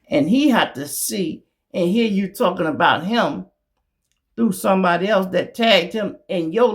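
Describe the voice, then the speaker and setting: A man's voice: on the high side, vocal fry. A man from Memphis, hosting a blunt, profane commentary monologue that mocks its target. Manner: blunt, profane, mocking, acts out others' voices. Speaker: show host.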